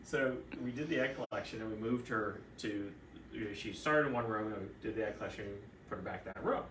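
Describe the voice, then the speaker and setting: A man, a fertility doctor, chatting casually and telling animated stories, with a distant mic in a roomy space and steady background noise. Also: fairly low pitch, fast talker. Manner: animated storyteller, acts out quoted voices. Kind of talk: casual conversational storytelling.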